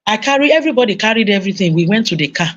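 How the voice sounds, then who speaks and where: Nigerian woman preacher, lively storyteller, parenting sermon. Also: medium pitch, very fast, highs cut off. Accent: Nigerian English. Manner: animated storytelling, acting out voices. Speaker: conference speaker. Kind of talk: sermon-style parenting talk.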